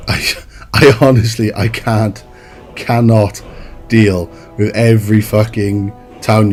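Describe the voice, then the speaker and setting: A man's voice: lowish voice, little pitch movement, takes it slowly, darkish tone, soft background music. A man giving a profane, exasperated rant as a gaming commentator. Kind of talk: ranting game review.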